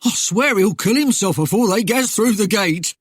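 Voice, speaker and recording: The narrator of a storybook voicing a coarse, laughing male highwayman who mocks others. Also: lively intonation, normal speed, slightly rough, dry recording, studio quality. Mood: jeering. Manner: jeering, coarse.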